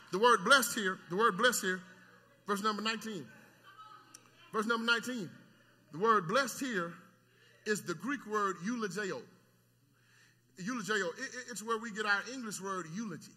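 A man preaching a sermon in a church, moving between quiet teaching and shouted, stammering exhortation to the congregation. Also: high voice, normal speed, long pauses, husky. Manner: stammering repetitions, call-and-response with the congregation. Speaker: pastor. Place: church sanctuary. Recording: long church hall reverb.

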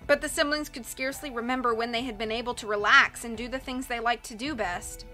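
A woman narrating an audiobook with expressive storytelling. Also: fairly high pitch, moderate pace, faint music behind. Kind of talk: audiobook reading.

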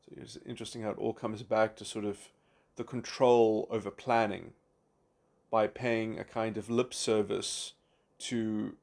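Halting, reflective man thinking aloud. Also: on the low side, level tone, creaky, darkish tone. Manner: halting, many restarts and fillers; reflective, abstract phrasing. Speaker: philosophy commentator. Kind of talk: unscripted solo monologue.

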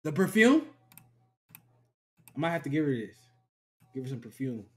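A man's voice: a little high, sing-song, moderate pace, a bit bright. Slangy young man reacting to a video. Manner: loose slangy banter, talks to himself. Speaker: streamer reacting to a clip. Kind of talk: casual reaction commentary.

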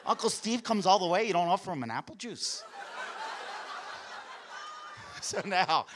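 A man doing stand-up comedy on a club stage, telling family stories in an energetic, conversational way to the audience. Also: high-pitched, brisk, background noise.

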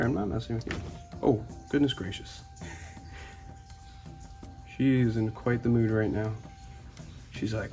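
A man hosting a casual vlog, cheerfully narrating as he feeds and cleans snakes, talking to the animals and dropping to a hush when close to them. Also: medium pitch, unhurried, gravelly, pauses often, soft background music. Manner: upbeat, talks to the animals, drops to a hush near them. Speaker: reptile keeper and show host.

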